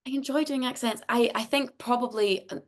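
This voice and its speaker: Appearing as a guest on a video-call interview, a voice actor from Scotland talks in a casual, chatty way. Her neutral Scottish-accented voice is fairly high and fairly even in intonation, a little fast, and she frequently laughs and starts sentences over.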